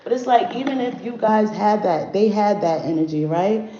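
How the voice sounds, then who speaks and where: A woman's voice: mid-range voice, lively intonation, moderate pace, warm tone. Blunt, profane woman reading on a livestream. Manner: blunt and profane, talks to chat directly. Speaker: spiritual reader livestreaming to viewers. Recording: dull roomy livestream audio with faint noise.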